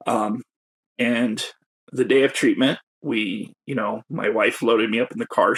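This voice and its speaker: A husky man speaks candidly about his past. He is reflective and emotional, with a slightly rough, breathy edge to his voice and the occasional self-conscious laugh. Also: mid-range voice, a bit bright. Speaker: guest, poet and educator. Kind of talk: candid personal storytelling.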